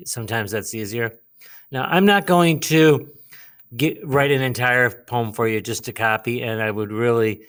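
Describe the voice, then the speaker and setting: A man's voice: mid-range voice, fairly bright tone. A male teacher patiently walking students through a writing task step by step, with frequent fillers. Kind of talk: classroom instruction.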